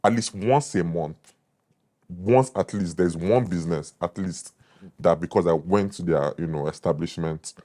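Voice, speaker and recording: A man's voice: sits low, a little slow, mellow. A young adult man with a Nigerian accent, a food critic guest talking confidently and emphatically in a casual interview.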